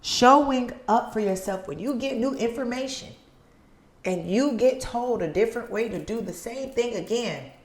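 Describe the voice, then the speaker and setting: Woman on her couch with a mic, preachy motivational talk, kinda high voice, roomy echo. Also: animated, moderate pace. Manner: earnest, preachy, acts out little scenes. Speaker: podcast host. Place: living room at home. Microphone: studio mic.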